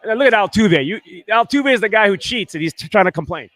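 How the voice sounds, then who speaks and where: High-voiced excitable male sports host. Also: fast talker, no echo. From Arizona. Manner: excitable, rambling, says "right?" often. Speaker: podcast host. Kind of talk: casual sports chat.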